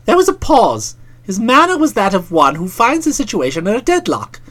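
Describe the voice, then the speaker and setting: A woman's voice: mid-range voice, huge pitch swings, normal speed, fairly bright tone. A woman narrating a first-person comic audiobook in a wry, theatrical, mock-pompous manner.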